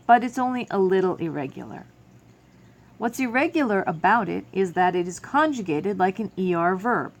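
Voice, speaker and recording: A woman's voice: medium pitch, expressive, moderate pace. A woman teaching a French verb lesson to students, explaining each step patiently. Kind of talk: classroom video lesson.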